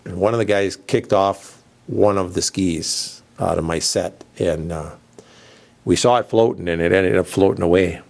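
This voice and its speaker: A man's voice: low voice, moderate pace, vocal fry, darkish tone. A middle-aged man hosting a radio show, telling a long rambling story in a casual way and laughing as he goes. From southern United States. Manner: rambling, laughs through his own story.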